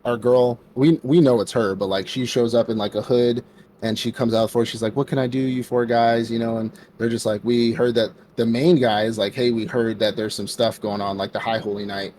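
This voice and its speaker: Low-voiced man recapping anime casually. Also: level tone, brisk, a little mellow, a little hiss or hum. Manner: rambling storyteller, acts out characters' lines, lots of "like". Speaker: podcast co-host.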